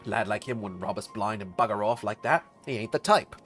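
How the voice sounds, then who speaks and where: A man voicing a gruff veteran male mercenary officer, talking bluntly with rough slang. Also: fairly low pitch, brisk, a bit bright, faint music behind, natural voice.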